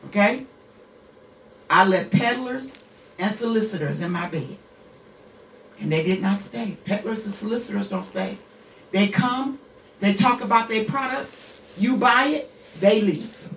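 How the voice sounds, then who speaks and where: A woman's voice: medium pitch, a little slow, long pauses, a bit bright, roomy sound, recorded from a distance, slight background noise. A woman in her sixties hosting a radio show, telling her own hard story bluntly, with curses and rhetorical questions. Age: 60s. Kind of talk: candid personal monologue.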